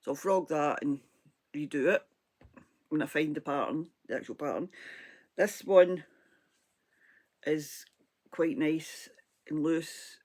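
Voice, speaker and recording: A woman with a Scottish accent talks through her crochet in a loose, rambling, chatty way. Her throat sounds hoarse and froggy, and she laughs often. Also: deep voice, a little slow, pauses often, darkish tone. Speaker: crochet vlogger. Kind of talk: casual crafting chat.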